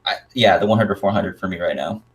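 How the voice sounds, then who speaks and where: A man's voice: low voice, fast talker. A man hosts a casual live stream, reading out viewer comments and answering them. He sounds easygoing and laughs often. He stumbles a little over unfamiliar names.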